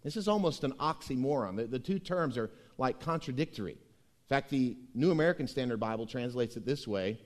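A middle-aged man preaching a sermon as pastor, emphatic and swinging between hushed and loud delivery. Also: mid-range voice, animated, fairly quick.

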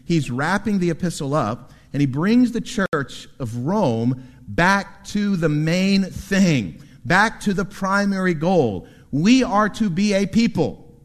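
A male pastor preaching to his congregation, his slightly high voice swinging up and down with emphasis. He throws in quick asides between points. The sound carries a long reverb from the church sanctuary. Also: lively intonation. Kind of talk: sermon.

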